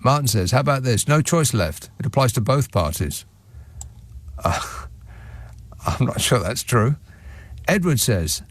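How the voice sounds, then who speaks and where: A man's voice: medium pitch, very animated, measured pace, pauses often, dry recording. A man hosting a radio phone-in show, reading out listener messages with a sardonic, mocking manner in a studio. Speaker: radio talk show host. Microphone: studio microphone.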